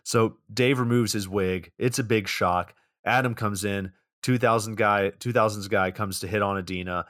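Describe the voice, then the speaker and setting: A man's voice: fairly low pitch, fairly even intonation, moderate pace, few pauses, fairly bright tone, no echo. A young man casually recapping a movie's plot on a podcast, rambling along with plenty of fillers. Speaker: podcast co-host.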